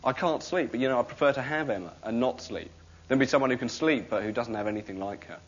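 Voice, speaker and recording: A sketch comedian does a wry, rambling monologue in a confessional style while an audience laughs. His mid-range voice moves fast. The recording sounds dull and carries loud noise.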